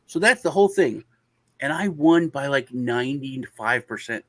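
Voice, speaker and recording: A man's voice: mid-range voice, normal speed, dry recording. Guy telling a rambling story on a panel show, plays all the voices, dry mic. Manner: animated anecdote-telling, acts out quoted voices. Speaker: panel guest.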